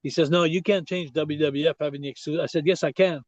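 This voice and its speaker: An older man from Quebec with a French accent talks through a story as a podcast guest. His voice sits high for a man, and he keeps circling back with "I said" and restarts. The sound is dull and dry, like a lo-fi remote call. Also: fast talker, no echo. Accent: Québécois French. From Quebec, Canada. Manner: animated storyteller, many restarts and "I said". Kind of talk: storytelling interview.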